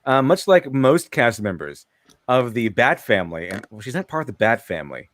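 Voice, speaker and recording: A man's voice: medium pitch, big pitch swings, normal speed, fairly bright tone, no echo. A man chatting on a stream, rambling, stumbling over his words and laughing often. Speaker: stream co-host. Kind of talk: casual chat.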